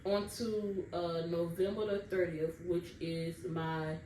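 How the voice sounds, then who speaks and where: A woman's voice: lowish voice, steady tone, slow pace, warm tone. A young woman in a casual storytime vlog, chatting to her viewers and addressing them directly. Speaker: vlogger. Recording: roomy, distant mic, faint background noise.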